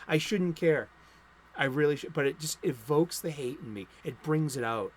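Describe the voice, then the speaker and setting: A man with a slightly high voice and moderate pace runs a laid-back comic book stream from his home studio in the United States. He drifts through new releases and flares up into profane, angry tirades.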